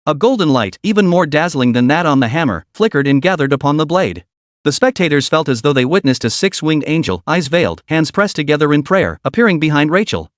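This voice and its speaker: Lively dramatic male story narrator. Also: a little high, brisk, dry recording, studio quality.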